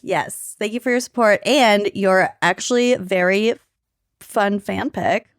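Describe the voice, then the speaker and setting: Woman, podcast co-host, casual chat, wry deadpan asides, dry close sound. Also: medium pitch, measured pace, no echo.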